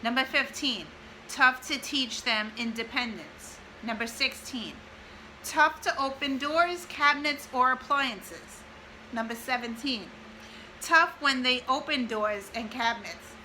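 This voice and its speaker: Tearful mom with a bright, high voice. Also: female voice, slight background noise, low-quality recording. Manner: tearful, pausing to compose herself. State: crying. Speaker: mother of triplets reading her old notes. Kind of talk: casual vlog, reading a list aloud.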